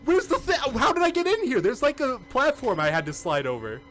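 A man streaming a game, commenting live, swearing often and breaking into panicked yells and laughter at a computer. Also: very high-pitched, sing-song, a little fast, music in the background. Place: at a computer, keyboard and mouse.

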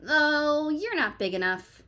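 Woman doing a grouchy little storybook ladybug, squeaky and high, loud and picking fights, lively swoops. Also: slow, full character voice. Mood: challenging. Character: grouchy picky ladybug, boastful and quick to flee.

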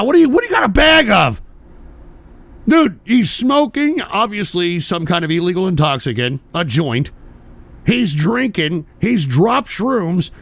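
A man hosting a live stream, loudly mocking and narrating what he sees on another streamer's feed. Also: sits high, gravelly, no room sound. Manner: mocking, exclaiming, puts on a slurred British drawl. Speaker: streamer host. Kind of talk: excited live-stream commentary.

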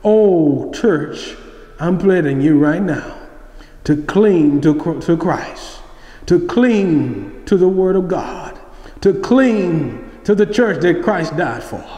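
A man preaching in a church sanctuary with a high voice and a fervent, pleading cadence. His words ring out through a roomy hall with a long, lingering reverb. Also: expressive, slow pace, dark tone. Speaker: senior minister preaching. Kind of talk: sermon.

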